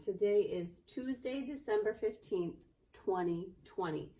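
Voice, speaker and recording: A woman teacher leading a cheerful, gentle morning meeting for young children in a virtual class, indoors. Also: medium pitch, lively intonation, far from the mic, a little hiss or hum. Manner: gentle, cheerful, talking slowly to little kids.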